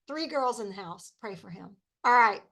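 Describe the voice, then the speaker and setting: Older lady hosting a video call, high voice, playful and chatty. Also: animated, measured pace, fairly bright tone. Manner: chatty, playful, laughs easily. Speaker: host of an online group call. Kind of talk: casual chat.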